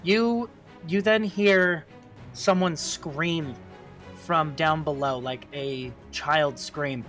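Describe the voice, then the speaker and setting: A man's voice: on the high side, unhurried, a bit bright, soft background music. A man narrating a tabletop role-playing game as game master, casual, with fillers and sound effects.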